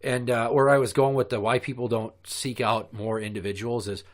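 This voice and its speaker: A man's voice: mid-range voice, level tone, brisk. Blunt, profane man on a podcast. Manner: blunt, profane, heated storytelling. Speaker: podcast co-host. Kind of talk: casual podcast chat.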